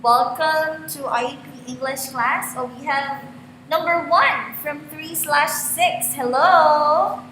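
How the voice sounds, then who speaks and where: A woman teacher with a high, bright voice takes her time greeting students one by one at the start of an online class. The sound is roomy, with a long reverb tail and a faint hum behind her. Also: steady tone. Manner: slow, friendly greetings calling out student names. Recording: echoey room with long reverb.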